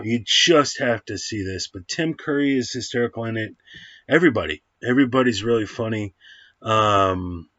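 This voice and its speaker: A man's voice: on the low side, a bit bright, no room sound, highs cut off. A man rambling through a casual film review at home, full of fillers and restarts. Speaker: movie reviewer.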